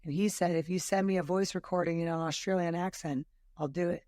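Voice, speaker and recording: A woman's voice: fairly low pitch, fairly even intonation, brisk, darkish tone, no echo, clean studio sound. Chatty woman guest in an interview. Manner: chatty, self-deprecating. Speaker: studio owner guest. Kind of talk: casual interview.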